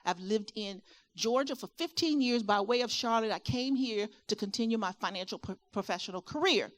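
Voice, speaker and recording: Middle-aged virginia woman w/ southern twang, high voice, talks to the crowd and keeps asking them stuff. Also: a little fast. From Virginia, USA. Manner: animated, asks the audience questions, rising and falling delivery. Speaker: expo speaker and caregiver. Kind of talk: motivational talk to a live audience. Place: expo hall with a live audience.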